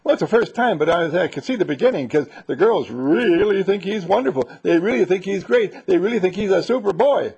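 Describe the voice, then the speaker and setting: A man voicing an indignant neighbor woman, loud and high, with a gravelly edge. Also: animated, brisk, few pauses, muffled recording, full character voice. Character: cross neighbor lady, complaining.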